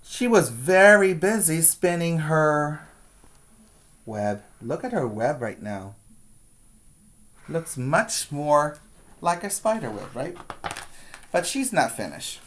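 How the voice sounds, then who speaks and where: A man's voice: on the high side, lively intonation, slow pace, pauses often, fairly bright tone. A male preschool teacher reading a picture book aloud to young children, patiently pointing out the pictures and asking them questions.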